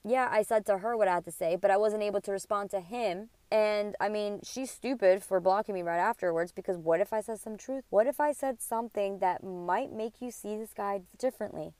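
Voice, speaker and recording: An indignant woman in her thirties vents a personal story on her podcast, cursing freely as she rambles from one grievance to the next. Her voice is smooth and clear, and the recording is close and dry. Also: medium pitch, a little fast, few pauses, a little mellow, no echo. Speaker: podcast host.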